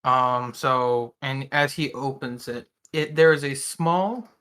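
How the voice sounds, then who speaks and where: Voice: mid-range voice, takes it slowly, fairly bright tone, smooth. A game master narrating a tabletop game in a hesitant way, with many ums and restarts.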